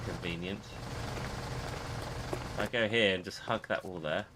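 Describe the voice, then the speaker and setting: A man's voice: low voice, a little slow, background noise. A man streaming a game, jokey and rambling. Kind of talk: casual gameplay commentary.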